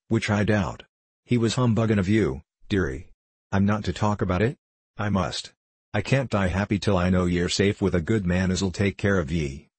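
A man's voice: low-pitched, a little mellow, husky, no room sound. A man voicing a blunt, devoted old country nurse who speaks in folksy dialect. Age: over 60. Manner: folksy dialect, urgent and coaxing.

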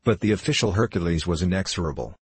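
A man giving scripted narration of a classic novel in a measured, literary storytelling manner. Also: low voice, animated, husky, no room sound. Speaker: audiobook narrator.

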